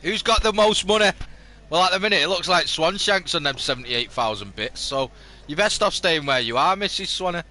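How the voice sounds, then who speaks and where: Bright, high-pitched male commentator. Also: expressive, brisk. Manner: teasing, sweary banter. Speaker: esports race commentator. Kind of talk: live casual commentary.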